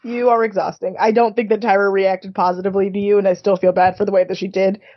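A woman co-hosting a podcast recaps a reality show, talking fast with a mid-range voice and flat delivery. She's chatty, swears casually and leans on fillers like "like," and the lo-fi sound is slightly muffled.

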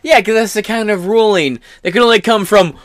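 Profane, sarcastic man hosting a commentary podcast, a touch higher-pitched, dry booth sound. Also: brisk, no echo. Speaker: podcast host.

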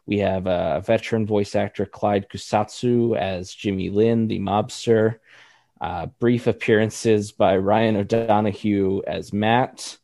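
A man's voice: on the low side, fairly even intonation, slow pace, darkish tone, no echo, studio quality. A man co-hosting a podcast, chatting casually through a review, laughing often and using many fillers. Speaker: podcast co-host.

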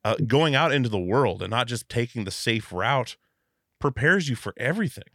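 A man's voice: mid-range voice, lively intonation, moderate pace, fairly bright tone, no room sound, studio quality. A man hosting a casual podcast interview, reflective and rambling with many restarts. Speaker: podcast host. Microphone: video call.

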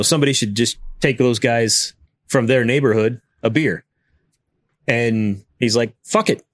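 A man's voice: mid-range voice, no room sound, studio quality. A man co-hosting a casual podcast, retelling a story loosely with fillers and swearing. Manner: relaxed, profane, filler-heavy storyteller. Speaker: podcast co-host. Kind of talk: casual chat.

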